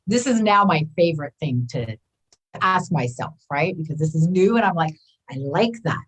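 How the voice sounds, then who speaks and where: A woman in her fifties, a wellness coach talking as a guest, animated and often acting out the voices in her head. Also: deep voice, normal speed, husky, rough recording. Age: 50s. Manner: animated, acts out inner voices, often adds "right?". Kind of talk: casual conversational interview.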